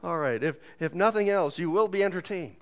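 A man's voice: high voice, fairly quick. A man preaching a sermon in a church, joking and laughing often and putting on voices when he quotes people. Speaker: pastor. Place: church sanctuary.

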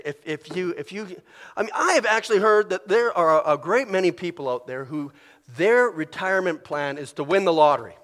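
A male preacher giving a sermon in an animated, conversational way, often acting out inner voices. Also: sits high, a little fast. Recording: long reverb of a large hall.

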